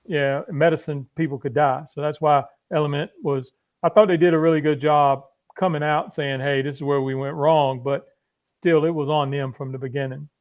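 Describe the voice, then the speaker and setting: A man's voice: fairly high pitch, steady tone, moderate pace, narrow, tinny audio. A man speaking as a guest on a casual online panel chat, explaining things with lots of fillers. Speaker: panel guest from pharmaceutical industry.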